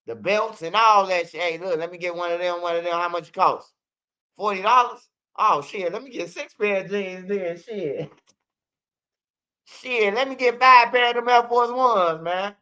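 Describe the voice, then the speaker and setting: A man's voice: high-pitched, pushed and bright, clean tone. A man telling a story casually, full of profanity and acted-out quotes, as a channel host. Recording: dull lo-fi recording.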